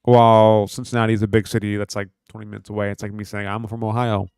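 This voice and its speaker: Smooth-voiced young man, profane livestream banter. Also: on the low side, flat delivery, fast, a little mellow, dry recording, clean studio sound. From Kentucky, USA. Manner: loose, profane, joking banter. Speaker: livestream host. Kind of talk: casual livestream chat, reading chat aloud.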